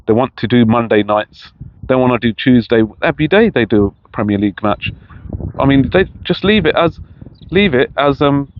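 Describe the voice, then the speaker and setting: A middle-aged man chatting casually outdoors in a park, rambling with many restarts. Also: medium pitch. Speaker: vlogger. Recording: dull lo-fi sound with faint noise.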